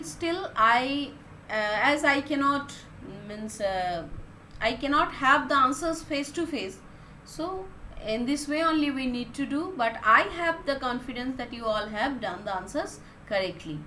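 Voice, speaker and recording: A woman, teaching a class and explaining words slowly, one at a time. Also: high-pitched, fairly bright tone, roomy sound, a little hiss or hum. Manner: slow, explaining word by word. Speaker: English teacher. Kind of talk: recorded online class lesson.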